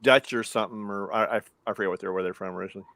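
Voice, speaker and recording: A man chatting casually as a guest on a live stream, playful and quick to laugh. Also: on the low side, steady tone, noisy background. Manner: playful, laughs often, jokey. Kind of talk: casual chat.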